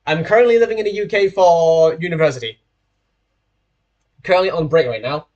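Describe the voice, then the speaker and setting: A young man from Hong Kong, a little high in pitch, talks casually while streaming. His English has a British-sounding accent, his throat is sore, and he rambles, restarting and correcting his phrases as he goes. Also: brisk, darkish tone, muffled recording. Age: young adult. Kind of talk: casual live-stream chat while playing a train simulator.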